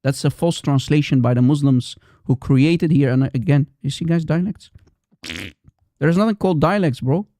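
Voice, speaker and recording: Man, livestream host, combative, repetitive, higher voice, dry sound. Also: moderate pace, warm tone, no echo. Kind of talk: heated live-stream polemic.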